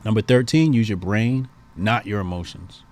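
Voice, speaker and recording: A man's voice: lowish voice, normal speed, a little mellow. A man hosting a call-in show, giving emphatic, preachy political commentary and repeating points for stress.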